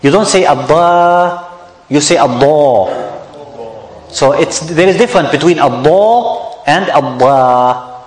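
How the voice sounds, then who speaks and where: A man's voice: on the high side, expressive, normal speed, roomy sound, big-room sound, poor audio. A man teaching a tajweed lesson, repeating each example word patiently to his students. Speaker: Quran recitation teacher.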